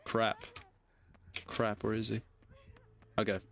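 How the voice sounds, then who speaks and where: A man's voice: fairly low pitch, monotone, slow, vocal fry, a bit bright, slight background noise. Young man joking over a game stream. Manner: joking, rambling, talks to himself and the game. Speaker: gaming streamer. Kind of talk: casual livestream commentary.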